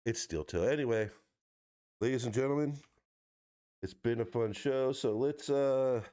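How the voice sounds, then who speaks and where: A man's voice: medium pitch, measured pace, warm tone, clear, resonant tone. A male podcast host, teasing his guest in a sarcastic, casual way. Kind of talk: casual chat.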